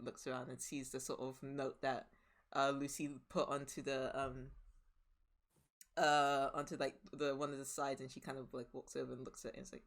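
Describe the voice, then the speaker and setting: A woman's voice: extremely low pitch, flat delivery, moderate pace. A woman narrating as game master of a tabletop game, rambling with many fillers and restarts.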